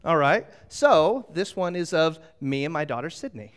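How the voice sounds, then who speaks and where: A middle-aged man preaching with a fairly high voice. He tells stories with plenty of energy and draws his congregation in with questions. He speaks into a handheld microphone. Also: moderate pace, clear, resonant tone. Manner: animated storytelling with audience interaction. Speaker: pastor. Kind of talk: sermon.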